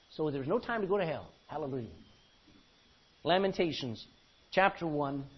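Husky-voiced preacher man, lo-fi recording. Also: on the high side, big pitch swings, normal speed, pauses often. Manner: emphatic, swinging from loud to quiet; folksy, calls for amens. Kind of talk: sermon. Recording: dull lo-fi recording.

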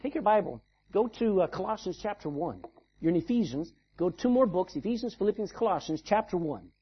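A male pastor delivering an animated sermon, acting out little scenes and calling for amens. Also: high-pitched, fairly quick, husky, dull audio. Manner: animated preaching with acted-out asides.

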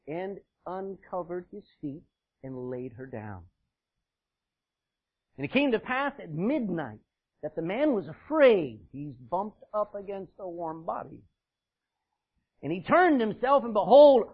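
Animated preacher man, husky voice. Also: on the high side. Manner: animated, swings from loud emphasis to hushed asides. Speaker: pastor. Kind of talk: sermon. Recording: dull, lo-fi sound.

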